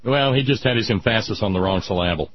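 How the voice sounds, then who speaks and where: A man hosting casual radio talk who rants loudly and slips into nerdy asides. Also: on the low side, quick pace, no echo. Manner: ranting, animated, nerdy asides. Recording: dull lo-fi radio sound.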